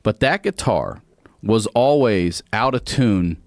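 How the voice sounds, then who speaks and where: A man from Baltimore spins a comic story in a studio chat, his low voice rising and falling a lot as he acts out the people in it. The sound is dry and close to the mic. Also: slow, creaky, dry recording. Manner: animated, acts out voices and sings bits. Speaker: comedian guest.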